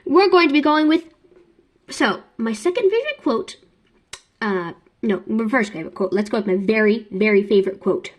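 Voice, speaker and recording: Fast-talking young woman, rambling and giggly. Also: on the high side, animated. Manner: giggly and chatty. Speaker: YouTube vlogger. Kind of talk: casual ranking vlog.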